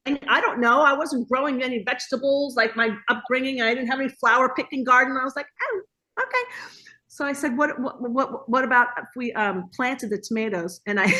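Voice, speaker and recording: Bright, lively woman telling stories. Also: fairly high pitch. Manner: lively storyteller who acts out quoted voices. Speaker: guest, hospitality business owner. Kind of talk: casual interview storytelling. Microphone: video call.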